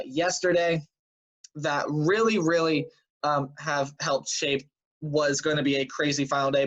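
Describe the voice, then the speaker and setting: A man hosting a casual weekly sports news recap who sounds tired and fills his talk with "um" and "uh". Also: fairly high pitch. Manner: chatty, filler-heavy, offhand predictions. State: tired and yawning. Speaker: sports show host. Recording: dull lo-fi home recording.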